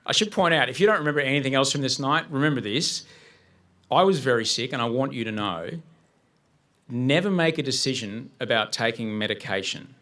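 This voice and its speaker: A man tells a personal story to a live audience with a bright, forceful voice. His delivery is vivid, and he acts out his own panic as he goes. His pitch sits in an everyday middle range. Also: lively intonation, a little fast. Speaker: guest speaker. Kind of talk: personal story told on stage.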